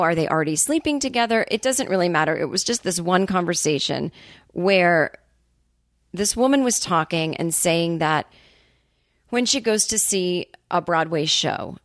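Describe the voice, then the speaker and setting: A woman's voice: lowish voice, no echo, clean studio sound. A woman hosting a podcast, ranting in a casual monologue, swearing freely and acting out quotes. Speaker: podcast host.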